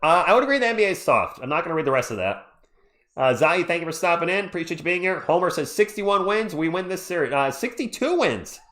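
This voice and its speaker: Excitable man calling a livestreamed game. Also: a little high, fast talker. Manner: excitable, jokey, chatty with viewers. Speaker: livestream play-by-play host. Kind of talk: live play-by-play with chat reactions.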